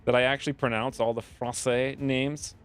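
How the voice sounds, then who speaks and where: A man's voice: medium pitch, little pitch movement, moderate pace, clean tone, soft background music. A man giving casual live commentary on a strategy game, chatty and thinking aloud, often laughing. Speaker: game streamer.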